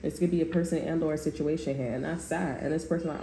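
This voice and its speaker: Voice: mid-range voice, fairly even intonation, fast talker, dark tone. Slangy, rambling tarot reader in an echoey room. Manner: loose, slangy and profane, rambling with many restarts. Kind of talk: casual tarot reading to viewers. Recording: echoey room with faint noise.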